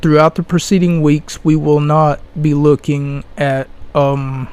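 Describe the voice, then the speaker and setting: Male podcast host, young adult, solo rant, slow deliberate delivery, fairly high voice, mocking and passionate. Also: level tone, a little mellow, clean tone.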